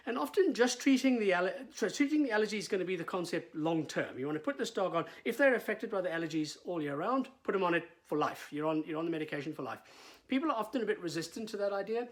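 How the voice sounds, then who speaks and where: A man's voice: sits high, lively intonation, fast. A middle-aged man, a veterinarian explaining in casual talk, with frequent fillers and repeated words.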